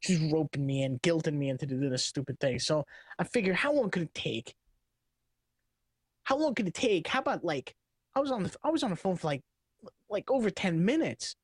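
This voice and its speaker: This tech podcast co-host speaks quickly and animatedly in a husky, higher-pitched voice with no echo. On a casual late-night show, he meanders through a story, frequently restarting sentences and laughing while he tells it.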